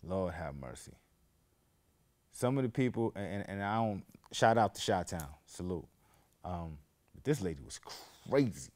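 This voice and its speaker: A man's voice: low-pitched, moderate pace. A man hosting his own show, telling casual stories and drifting off on tangents, livening up whenever he quotes people. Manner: rambling, goes off on tangents; animated, raises voice when quoting others. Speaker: podcast host. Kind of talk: casual storytelling monologue.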